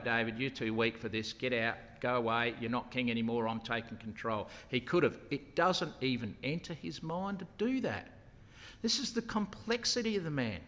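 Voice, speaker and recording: A man preaching a sermon, animated, acting out the lines of the people in the story with a raised voice. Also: mid-range voice. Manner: animated, acts out quotes with raised voice. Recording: long hall reverb.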